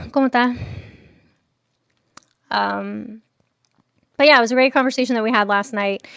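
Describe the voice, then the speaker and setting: A woman's voice: mid-range voice, clean tone, no echo. A woman hosting a casual morning livestream from home, chatting with viewers and reading their messages aloud, laughing often. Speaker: livestream host.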